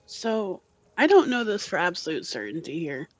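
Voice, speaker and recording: A man's voice: high-pitched, very animated, normal speed. A man playing a tabletop game, tentatively guessing and hedging in casual chat. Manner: hesitant, tentative.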